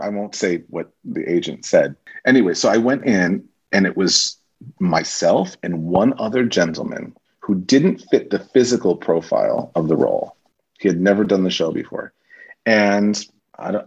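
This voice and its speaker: A man guest on a podcast, telling stories from his acting career in a lively, casual way and acting out the people he quotes. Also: deep voice, normal speed, breathy edge. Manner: animated storyteller, acts out quoted voices. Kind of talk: casual storytelling interview. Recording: muffled lo-fi recording.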